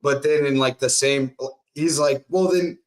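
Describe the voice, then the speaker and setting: A man's voice: mid-range voice, little pitch movement, unhurried. A man ranting profanely in a casual podcast chat. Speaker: podcast co-host.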